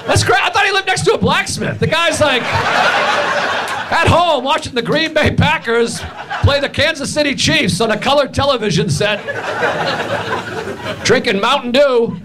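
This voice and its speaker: A man performing a stand-up comedy set with deadpan, animated storytelling. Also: extremely high pitch, measured pace, pauses often, a loud crowd. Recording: loud background noise. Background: audience laughter.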